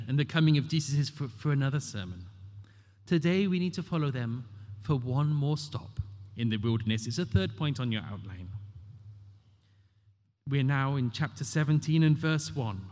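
Emphatic preacher in a reverberant hall. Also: male voice, medium pitch, a little mellow. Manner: emphatic, rhetorical questions, dramatic quoting. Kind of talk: sermon. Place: church. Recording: long reverb of a large hall.

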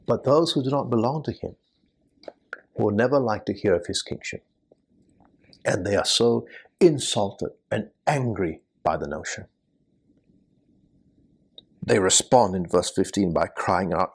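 A man preaching an expository sermon, measured and rising to emphatic points. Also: fairly low pitch, lively intonation, breathy edge.

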